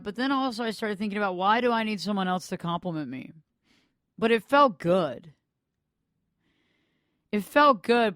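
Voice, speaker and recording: A woman host tells a personal story straight to the listener, animated and chatty as she acts out who said what. Her voice is smooth and clear, recorded close and dry with no room sound. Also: medium pitch, no room sound. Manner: animated storyteller acting out quoted dialogue; casual, excited, filler words. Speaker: radio podcast host.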